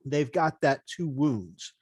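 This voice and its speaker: A man's voice: fairly high pitch, lively intonation, takes it slowly, a little mellow, breathy edge, no echo, studio quality. A man co-hosting a casual tabletop hobby livestream, chatting and laughing often. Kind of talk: casual chat.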